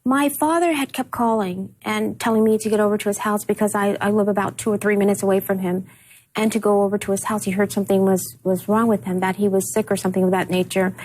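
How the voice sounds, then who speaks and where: A woman being interviewed, telling personal memories in a halting way and repeating words when upset. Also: medium pitch, fairly even intonation, a little mellow, low-quality recording. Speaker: interview guest. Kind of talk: emotional personal recollection.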